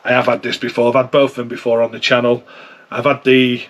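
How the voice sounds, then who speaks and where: A man's voice: mid-range voice, little pitch movement, fast talker. A man giving a casual beer tasting review, chatty and thinking aloud as he sips and compares.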